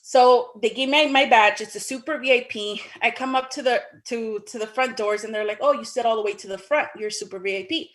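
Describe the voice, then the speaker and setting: Speaking a little fast with few pauses, a woman animatedly recounts something that happened to her in a casual way. She performs the dialogue herself, punctuated by sudden high-pitched exclamations.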